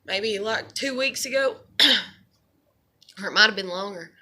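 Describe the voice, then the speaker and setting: A young woman vlogging in an unplanned, rambling monologue, an animated storyteller who fills her talk with "you know". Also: mid-range voice, measured pace.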